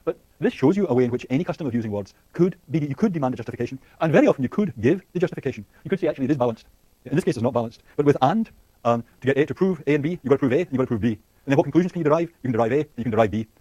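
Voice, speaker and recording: A man lectures at high speed, with frequent fillers, restarts and questions to the class. His voice is dark and slightly husky. The recording is dry and close. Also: lively intonation, no room sound, dull audio. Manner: rapid, thinking aloud with frequent fillers and restarts; asks the class questions and laughs lightly. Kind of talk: university lecture.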